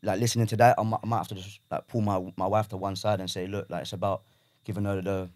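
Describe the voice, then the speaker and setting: A man in his thirties talking quickly in a low voice on a podcast, frank and rambling with plenty of fillers. He sounds like a guest in a studio chat. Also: level tone, darkish tone, dry recording. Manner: frank, rambling, many fillers like "obviously" and "whatnot". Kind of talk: casual chat.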